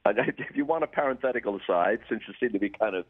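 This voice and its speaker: An older broadcaster telling dry, wry anecdotes with deadpan punchlines as a radio show guest. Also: male voice, lowish voice, quick pace, husky, no echo, narrow, tinny audio. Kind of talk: storytelling in a radio interview.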